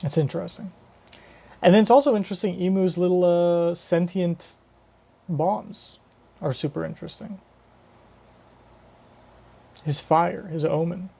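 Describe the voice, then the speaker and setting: A man's voice: high-pitched, steady tone, measured pace, vocal fry, pauses often, warm tone, slightly rough. A man giving casual live reaction commentary on a manga chapter, rambling and swearing casually as he thinks aloud.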